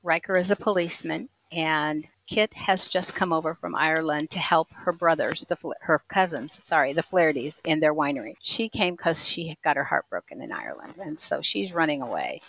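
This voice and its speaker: A middle-aged woman, a romance author, talking about her book in a podcast interview, chatty, with lots of ums and quick self-corrections. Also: deep voice, expressive, gravelly, fairly bright tone, low-quality recording.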